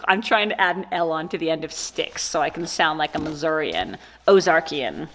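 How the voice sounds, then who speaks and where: A woman's voice: fairly low pitch, lively intonation, brisk, a bit bright. A woman chatting casually in a vlog while unboxing gifts, gushing and exclaiming with delight, recorded on a camera-mounted mic. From USA. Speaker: small business owner unboxing gifts. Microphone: microphone mounted on the camera.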